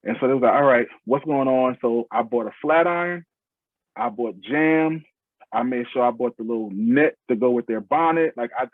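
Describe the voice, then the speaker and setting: A man tells his story as a podcast guest in a husky voice, earnest and heartfelt, his phrases starting over as he goes. The sound is thin and phone-like, and dry with no room around it. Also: medium pitch, dry recording. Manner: earnest, heartfelt, speaks in loose restarting phrases. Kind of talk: casual interview storytelling.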